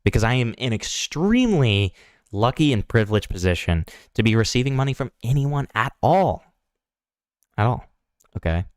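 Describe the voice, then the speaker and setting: A man's voice: mid-range voice, darkish tone, no echo, clean studio sound. A young man hosting online commentary, sarcastic and pointed, asking rhetorical questions. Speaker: commentary channel host.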